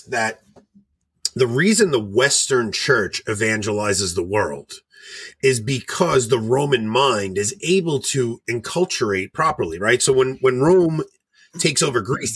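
A man's voice: mid-range voice, fairly bright tone, slightly rough, no room sound. A man hosting a casual review podcast, joking and rambling as he walks through scenes. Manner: joking, rambling, self-mocking. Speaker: podcast host.

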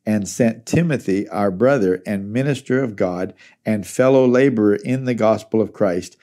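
A man's voice: medium pitch, dark tone. A male pastor teaching through a Bible chapter in a conversational sermon style.

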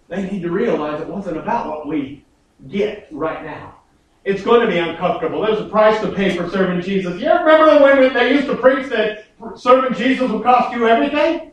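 Guy preaching, high voice, tells stories and acts out the quotes, big echo off the church walls. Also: moderate pace. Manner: folksy storytelling, acts out quotes, voice swings up and down. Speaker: pastor. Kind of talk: sermon. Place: church sanctuary. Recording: very echoey church recording from far off.

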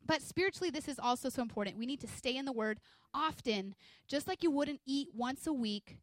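A woman in her thirties preaches to her church in an energetic, conversational way, slipping into little acted-out scenes from home. Her voice sits a bit high, and the sound is dry and close, with no room echo. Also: fairly quick. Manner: energetic, conversational, acts out quotes from home life. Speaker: pastor's wife preaching. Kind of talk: sermon.

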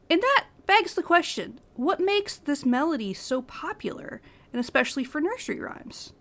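A young woman hosts her own podcast, reading a prepared script with earnest enthusiasm. Her voice sits a little high for a woman. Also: a bit bright. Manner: reads from prepared notes, earnest and upbeat. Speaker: podcast host. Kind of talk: scripted educational podcast narration.

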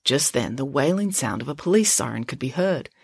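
A woman reads a children's adventure story with an expressive, animated delivery, her tone rising and falling through the action. The recording is close and dry, with no room sound. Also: extremely low pitch, brisk, vocal fry, breathy edge, no echo. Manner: lively, expressive reading. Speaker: author reading her children's book. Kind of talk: storybook narration with character voices.

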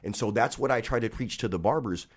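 Animated man telling barbershop stories. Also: mid-range voice, fast talker. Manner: animated storyteller acting out quoted dialogue. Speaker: barbershop owner, podcast guest. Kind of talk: casual podcast conversation.

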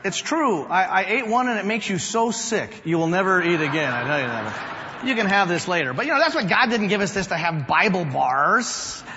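A man in a pastor's role preaches a storytelling sermon, rising to loud emphasis and dropping to a hush. His voice sits a little high for a man. The sound is dull and carries a long reverb from a large church hall. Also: lively intonation, normal speed. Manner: storytelling, swings from loud to hushed. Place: church sanctuary.

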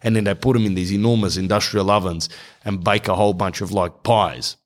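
A man's voice: on the low side, fairly even intonation, brisk. Rambling Australian man telling a story. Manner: rambling, digressive, slangy. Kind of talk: comedic anecdote.

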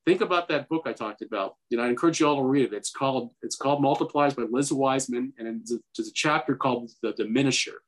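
A man's voice: mid-range voice, fast talker, few pauses. A man co-hosting a podcast for doctors, giving earnest, urging advice in long runs of talk. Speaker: podcast co-host, dentist. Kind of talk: casual advice chat.

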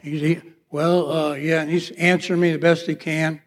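A man's voice: on the high side, little pitch movement, normal speed. Man preaching a storytelling sermon in a reverberant hall. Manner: storytelling, acts out quoted dialogue. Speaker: pastor. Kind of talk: sermon with personal testimony. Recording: long reverb of a large hall.

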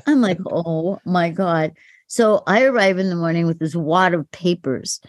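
Older woman, interview guest, animated storyteller, dry close sound. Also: fairly low pitch, unhurried, dry recording. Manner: acts out quoted voices, laughs often. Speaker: guest actress.

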